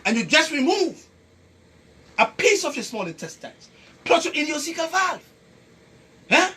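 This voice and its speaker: Caribbean-accented man, emphatic, repetitive, bright tense tone, swooping pitch. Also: very animated, measured pace. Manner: preachy, emphatic, repeats points and quizzes listeners. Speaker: health educator. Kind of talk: lively health talk to an audience.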